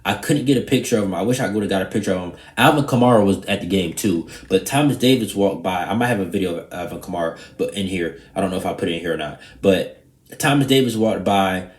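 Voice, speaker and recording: A young man with a very low voice talks loosely to his viewers, rambling and cursing. The room gives his voice an echoey ring. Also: fast talker. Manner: loose, rambling and profane, animated when retelling. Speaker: vlogger. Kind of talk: casual vlog chat.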